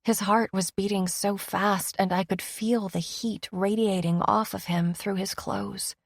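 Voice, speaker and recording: A woman's voice: mid-range voice, fairly even intonation, unhurried, gravelly, dry recording, clean studio sound. A woman narrating a first-person romance audiobook in an emotive, intimate reading.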